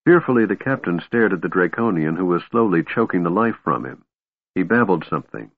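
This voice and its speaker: Low husky male audiobook narrator. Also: fairly quick, no echo. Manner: expressive, voices each character. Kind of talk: scripted narration. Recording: tinny phone-like dry sound.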